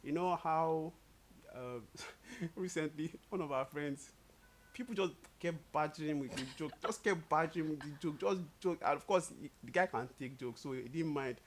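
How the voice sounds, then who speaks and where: An easygoing young man in a relaxed conversation, his voice sitting a little higher than most men's. He laughs often and slips into playful quoted voices while telling stories. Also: normal speed, slight background noise. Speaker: co-host. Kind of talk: casual couple chat.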